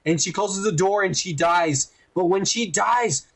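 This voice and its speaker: Reviewing a TV episode on his podcast, the host speaks casually in a fairly high voice. His retelling is profane, rambling, and animated, with quoted lines delivered in quick character voices.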